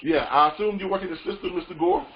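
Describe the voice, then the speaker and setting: A man gives a coaching talk over a call, his fairly high voice leaning on repetition and lively retellings. The sound is muffled and lo-fi. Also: quick pace, slight background noise. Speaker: freight broker trainer. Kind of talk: motivational training call.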